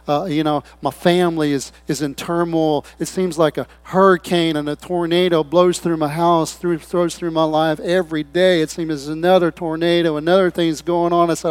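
A pastor preaching a sermon, swinging between loud appeals and hushed, quiet asides, acting out short quoted voices. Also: male voice, a little high, steady tone, normal speed, hardly any pauses, clean tone, dry recording. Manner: acts out people's voices in short quoted bits.

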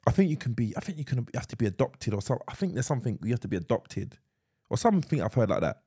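A man in his thirties co-hosting a casual podcast chat, animated, swearing freely and repeating himself. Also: medium pitch, racing, breathy edge. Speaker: podcast co-host.

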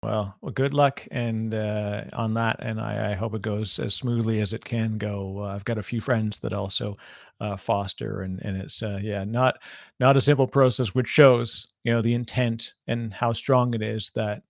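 A man hosting a casual conversation, telling stories with lively acted-out quotes and frequent laughter. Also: on the low side, normal speed, vocal fry, dry recording, studio quality. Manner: animated storyteller, laughs often, acts out quoted voices. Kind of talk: casual chat.

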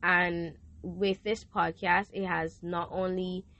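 A woman's voice: fairly low pitch, little pitch movement, slow pace, fairly bright tone, lo-fi sound. A young woman hosting a faith podcast, speaking casually and emotionally, often repeating herself. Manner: emotional, repetitive, faith-filled gratitude. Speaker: podcast host. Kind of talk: casual thank-you message.

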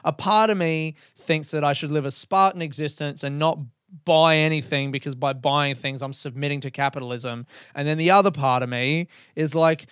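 A man's voice: a little high, moderate pace, a bit bright, clear, resonant tone, no room sound, clean studio sound. A man of thirty, hosting a solo podcast in a rambling, self-mocking way and swearing often. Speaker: podcast host.

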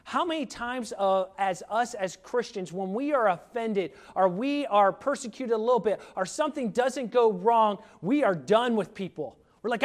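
A man's voice: sits high, animated, moderate pace, few pauses. A man preaching a sermon, earnest and emphatic, repeating key words for weight.

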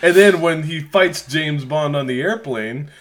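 A man's voice: on the high side, measured pace. A man co-hosting a casual movie recap chat, joking wryly and laughing along. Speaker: podcast co-host.

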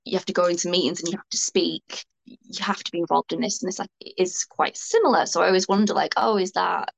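A woman's voice: on the low side, fast, creaky, poor audio. A young woman, a guest speaking frankly and ramblingly about her own experiences in a candid interview. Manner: frank, rambling, self-deprecating.

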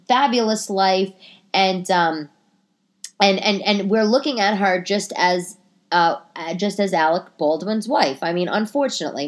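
A woman with a mid-pitched voice rants alone on her podcast, rambling and restarting her sentences. She swears freely and pokes fun at herself. She speaks into a computer microphone in her living room. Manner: rambling, profane and self-mocking, with frequent restarts. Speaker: podcast host. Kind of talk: casual comedic monologue.

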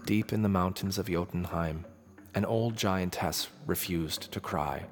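A man narrating a myth in a measured, dramatic storytelling manner. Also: low-pitched. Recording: long reverb with faint music.

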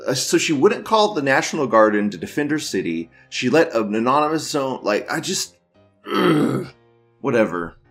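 Laughing frequently as he watches videos, this man hosts a podcast full of crude, offhand, profane remarks. He speaks in a low, somewhat bright voice.

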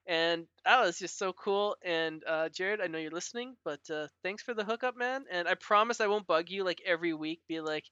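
Bright, chatty man on a dull podcast mic. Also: high-pitched, a little fast, few pauses, smooth, no echo. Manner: chatty, heavy use of "like" fillers, laughs often. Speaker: podcast co-host. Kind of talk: casual chat.

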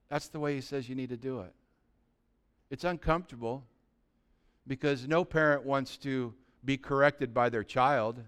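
A man preaching a conversational sermon as pastor, dropping to a soft, quiet voice when acting out gentle words. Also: medium pitch, normal speed, clean tone. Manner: conversational preaching, drops to a soft voice for imagined dialogue.

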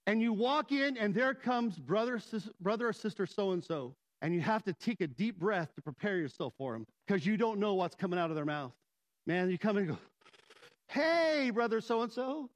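A man with a notably high-pitched voice delivers a sermon in an easy, conversational way. He mixes scripture with humorous asides to the congregation. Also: animated, brisk, low-quality recording. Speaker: pastor.

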